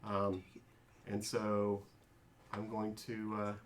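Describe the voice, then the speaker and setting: A man's voice: on the low side, completely flat delivery, takes it slowly, slight background noise. A man narrating a tabletop game as game master, describing scenes with many fillers and restarts.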